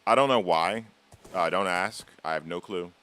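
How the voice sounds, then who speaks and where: A man's voice: deep voice, normal speed, a bit bright, clear, resonant tone. A man streaming a game live, chatting casually with his viewers in a rambling, teasing way and swearing freely. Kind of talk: casual live-stream chat while gaming.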